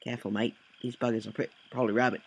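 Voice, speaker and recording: A man voicing a fierce, greedy woman adventurer in a loud, rough put-on Australian accent. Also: mid-range voice, level tone, very fast, slight background noise, natural voice. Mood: tough.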